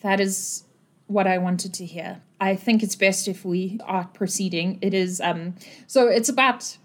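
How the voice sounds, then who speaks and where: A woman's voice: mid-range voice, fairly even intonation, measured pace. A woman narrating as game master of a tabletop game in a loose, conversational way. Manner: conversational, rambling with fillers.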